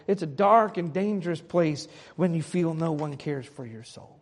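A man with a high voice delivers a sermon. He drops his voice low for quiet moments and then builds to loud, pleading lines, acting out the prayers he reads. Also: normal speed, hardly any pauses. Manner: swings from hushed to loud, dramatic pleading quotes. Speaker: pastor.

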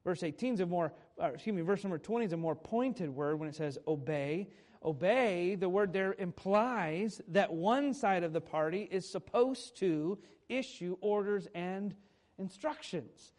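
A man in his thirties delivers a sermon in a relaxed, conversational manner. His voice sits a little high for a man. He leans on dramatic pauses, stretches key words, and often stops to correct himself mid-sentence. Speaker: pastor.

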